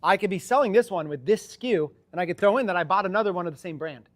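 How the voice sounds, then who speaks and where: A man coaching viewers on sales scripts in an office, in an energetic, chatty, salesy way. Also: high-pitched, quick pace.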